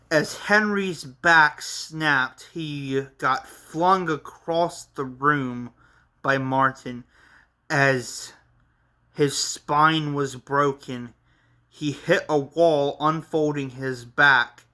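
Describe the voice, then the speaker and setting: A man hosting a casual manga read-along, narrating with halting, chatty asides. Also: fairly high pitch, pushed and bright, smooth. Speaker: channel host reading a manga.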